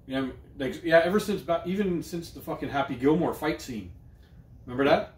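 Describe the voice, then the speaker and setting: A man's voice: fairly high pitch, lively intonation, fairly quick, roomy sound. A man co-hosting a casual podcast chat. He jokes a lot, swears freely and often restarts his sentences. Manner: loose, profane, jokey, with many restarts. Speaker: podcast co-host.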